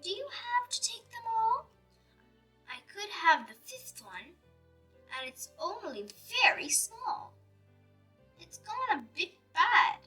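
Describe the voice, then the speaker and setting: A woman doing a squeaky little storybook mouse. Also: very animated, drawn-out words, bright, forceful tone, recorded from a distance, soft background music, heavily acted. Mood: sweetly coaxing. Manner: squeaky, pleading then sweetly coaxing. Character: small timid female mouse, clever. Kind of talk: storybook read-aloud.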